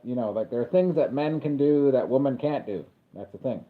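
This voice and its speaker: A man of ordinary pitch chats loosely through a livestream, reacting to a wrestling event as it happens. He rambles between thoughts and jumps in with excited shouts when a move lands. His voice comes through thin and tinny, like audio over a phone line. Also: a little fast. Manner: rambling and chatty, with sudden excited calls of the action. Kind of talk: casual live reaction commentary.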